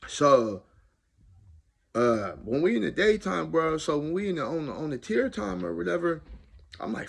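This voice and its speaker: A man telling a jail story in a casual, animated and slangy way. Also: moderate pace, gravelly, husky. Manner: animated, slangy, loud swings of pitch. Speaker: storyteller recounting jail time.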